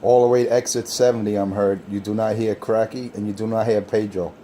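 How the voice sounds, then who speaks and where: A man with a low, mellow voice talks with scorn, tearing into a rival operator's gear and skills in technical detail. Faint background noise sits under his voice. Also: flat delivery, fairly quick. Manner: scornful, technical put-downs. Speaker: CB radio operator. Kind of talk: on-air radio banter.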